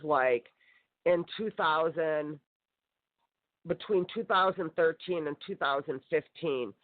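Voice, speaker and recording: Woman guest, slow and intense first-person testimony, thin phone-line sound. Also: sits low, dry recording. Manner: intense, aggrieved storytelling with acted quotes. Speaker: guest telling her story. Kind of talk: personal testimony on a call-in show. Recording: tinny phone-line audio.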